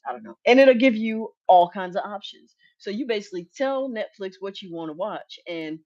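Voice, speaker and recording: A woman co-hosting a podcast, talking in a relaxed, conversational, casual way. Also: medium pitch, moderate pace, hardly any pauses. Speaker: podcast co-host. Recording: dull lo-fi audio.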